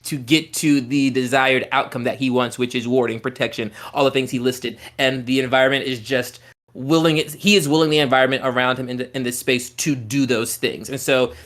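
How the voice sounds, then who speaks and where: A man at a mid-pitched, everyday speaking level who acts as a tabletop game master. He describes scenes at length in a loose, rambling way and keeps coming back to "like" and "um" while he builds the picture. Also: fairly even intonation, fairly quick, fairly bright tone. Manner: loose, descriptive narration full of "like" and "um".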